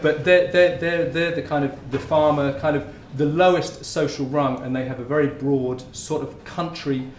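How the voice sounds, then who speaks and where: The voice here sits on the high side, steady in tone and at normal speed, with hardly any pauses. He's an academic giving a casual, conversational conference talk in a roomy lecture room, where faint ambience and slight background noise can be heard.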